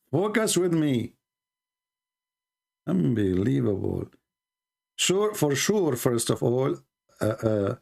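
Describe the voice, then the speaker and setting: Live-stream host, a man from the Middle East, sarcastic and teasing, very animated pitch, middle-aged. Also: gravelly, breathy edge. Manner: sarcastic, teasing, drawn-out exclamations. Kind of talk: mocking live-stream monologue.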